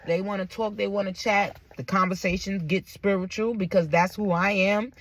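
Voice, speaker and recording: A woman's voice: mid-range voice, no room sound. A woman telling a personal story on her vlog, emphatic and blunt, with frequent asides to her viewers. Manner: blunt and profane. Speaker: vlogger.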